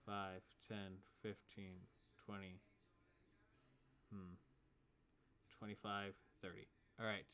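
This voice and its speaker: A man's voice: lowish voice, flat delivery, takes it slowly, pauses often, pushed and bright. A man narrating as game master of a tabletop game, laid-back, chuckling and counting out movement.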